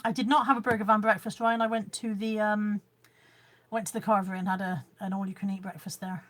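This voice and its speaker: A woman's voice: medium pitch, flat delivery, a little fast, a bit bright. A woman chatting casually on a live stream at home, showing her haul and reading out viewer comments. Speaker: vlogger. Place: room at home.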